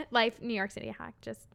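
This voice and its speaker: A woman's voice: on the high side, expressive, gravelly, a bit bright. Midwestern woman, podcast co-host, playful and chatty. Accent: Midwestern American. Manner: bubbly, teasing, quick to laugh. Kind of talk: casual chat.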